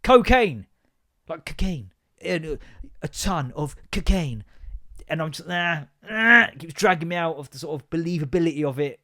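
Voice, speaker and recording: A man hosting a podcast, telling rambling, sweary stories in an animated, comedic monologue. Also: fairly high pitch, brisk. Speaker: podcast host.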